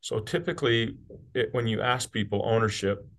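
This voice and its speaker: A man's voice: mid-range voice, moderate pace, fairly bright tone. A middle-aged man from rural Utah, a company CEO talking candidly as a podcast guest, blunt and casual, with the odd swear word. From rural Utah, USA. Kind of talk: candid conversational interview.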